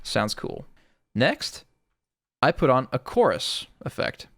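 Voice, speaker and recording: A man's voice: medium pitch, big pitch swings, slow pace, a bit bright, a little hiss or hum. A man giving a casual audio tutorial, explaining in a laid-back way with lots of "sort of", close to a studio microphone. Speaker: music producer explaining sound design.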